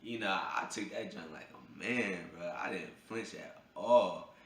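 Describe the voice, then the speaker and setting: Young guy vlogging a story, bright voice, echoey room w faint hum, squeaks up high when he gets to the punchline. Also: unhurried. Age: young adult. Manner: animated, jumps to high yelps when acting out his own reactions. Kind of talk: casual storytelling.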